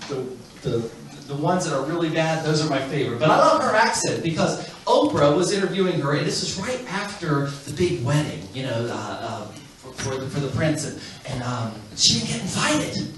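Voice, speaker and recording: A man's voice: fairly high pitch, normal speed. A man performing a stand-up comedy set, chuckling as he tells his stories, recorded from afar on a club stage. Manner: animated, chuckling storyteller. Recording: echoey club from far off with noise.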